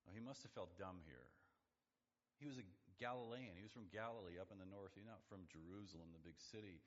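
Low-voiced man preaching in a hall. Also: fairly quick. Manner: emphatic, acts out quoted lines with rising pitch. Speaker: pastor. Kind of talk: expository sermon. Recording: dull lo-fi audio with long hall reverb.

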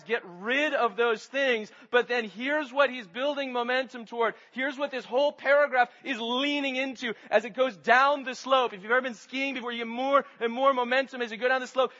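A man's voice: very high voice, pushed and bright, in a large hall, lo-fi sound. A man pastor preaching a sermon, teaching his congregation with rhetorical questions.

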